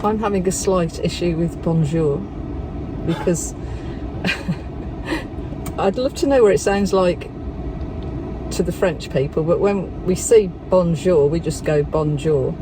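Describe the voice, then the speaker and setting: A woman's voice: fairly low pitch, slow, pauses often, noisy background. A woman from the UK vlogging a van trip, chatting and laughing casually. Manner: giggly, chatty. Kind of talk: casual travel chat and voice-over.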